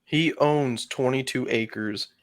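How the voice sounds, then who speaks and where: A man's voice: medium pitch, slow, no echo. A man co-hosting a podcast, telling a long story in casual chat with lots of fillers and some swearing. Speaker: podcast co-host.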